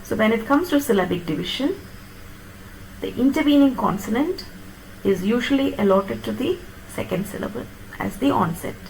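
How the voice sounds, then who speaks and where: A woman lecturing on phonetics, explaining step by step and checking that her students follow with quick tag questions. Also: on the high side, expressive, gravelly, darkish tone, a little hiss or hum, poor audio. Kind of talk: classroom lecture on pronunciation.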